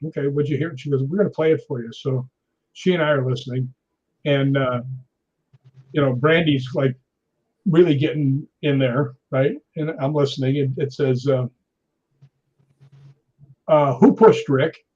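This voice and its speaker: A man's voice: mid-range voice, normal speed, pauses often, breathy edge. A man casually telling a ghost-hunting anecdote, acting out the lines of others and laughing often. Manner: animated, acts out quotes, laughs often. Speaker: guest storyteller. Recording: dull lo-fi sound.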